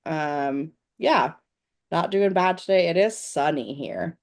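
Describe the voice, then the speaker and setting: Low-voiced, wry American woman co-host. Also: takes it slowly. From United States. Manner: relaxed, wry, supportive listener with short backchannels. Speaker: podcast co-host. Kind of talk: casual chat. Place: Portland, United States.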